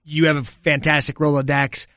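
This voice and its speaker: A woman's voice: deep voice, level tone, moderate pace, fairly bright tone, no room sound, studio quality. Laughing woman co-host telling a story. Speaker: podcast co-host. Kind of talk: casual chat. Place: radio studio.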